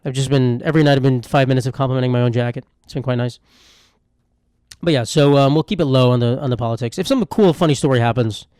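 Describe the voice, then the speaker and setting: A man's voice: medium pitch, darkish tone, clean tone, no echo, studio quality. A young man hosting a solo comedy podcast, rambling through irreverent, self-mocking riffs on news stories. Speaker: podcast host.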